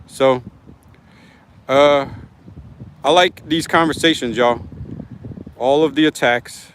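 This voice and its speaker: A man's voice: mid-range voice, slow, long pauses, clear, resonant tone. A man hosting his own livestream in casual, rambling, slangy chat, reading out viewer comments as he talks into his phone. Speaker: livestream host.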